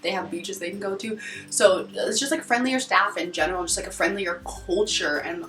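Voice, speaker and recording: A woman's voice: mid-range voice, normal speed, fairly bright tone, faint music behind. Young American woman vlogger, bubbly and chatty, roomy sound from a distance. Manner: bubbly, rambling, lots of "like". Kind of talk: casual chat to camera. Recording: echoey room heard from a distance.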